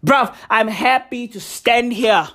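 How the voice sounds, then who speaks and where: A woman's voice: on the high side, a bit bright. A woman delivering a profane, sarcastic comedic rant full of slang and mock gratitude. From South Africa. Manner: profane, slangy, mock-grateful, drawn-out emphasis.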